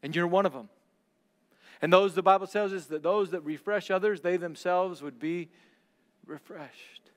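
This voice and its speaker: Preaching man, high clear voice. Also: moderate pace, long pauses, in a large hall. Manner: preaching with dramatic swings from loud to hushed. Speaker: pastor. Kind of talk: sermon.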